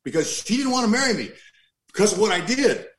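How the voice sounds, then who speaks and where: A man telling his life story in a lively, animated way, stumbling over repeats and restarts as he goes. His speaking voice sits fairly high for a man. He delivers a personal testimony with plenty of energy. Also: quick pace. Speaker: speaker giving a faith testimony.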